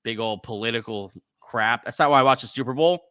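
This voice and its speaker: A man's voice: medium pitch, fairly quick, sharp tone, clear, resonant tone. A man hosting a casual livestream podcast, chatting in a rambling way with lots of fillers and restarts. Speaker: podcast host.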